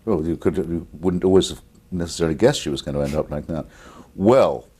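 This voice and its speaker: An English man, an author who is the guest on a call-in television interview, speaking deliberately and articulately with blunt opinions. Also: low voice, dark tone, breathy edge. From England.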